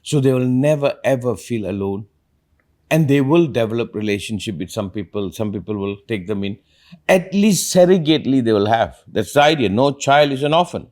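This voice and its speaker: A man's voice: medium pitch, expressive, brisk, darkish tone. A man, a spiritual teacher, talking earnestly in a reflective conversation and asking probing questions.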